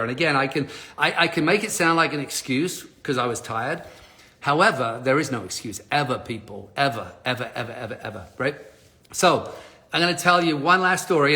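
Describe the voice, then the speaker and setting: A man's voice: a little high, bright, forceful tone. A middle-aged man hosting a live stream, telling a personal story to his viewers and acting out the dialogue. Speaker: live stream host, speaker on change.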